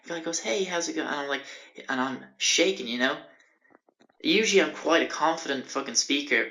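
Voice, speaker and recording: A man's voice: fairly high pitch, brisk, pushed and bright. A young man in his twenties rambling through a sweary anecdote on his podcast, recorded in a small bathroom on a handheld music player. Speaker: podcast host. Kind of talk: casual anecdote.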